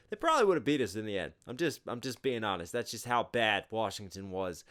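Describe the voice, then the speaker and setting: American rapper dude reacting to a vid, animated, cusses a lot. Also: male voice, lowish voice, fast, few pauses, clear, resonant tone. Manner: animated, blunt, swears freely. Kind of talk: casual commentary.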